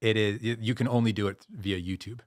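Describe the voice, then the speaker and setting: A man with a somewhat low voice talks as the expert guest on a podcast. He tells stories in an animated way and often restarts his sentences. The sound is close and dry. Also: a little fast, dry recording. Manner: animated storyteller, many restarts. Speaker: guest, posture and pain-relief expert. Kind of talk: podcast interview.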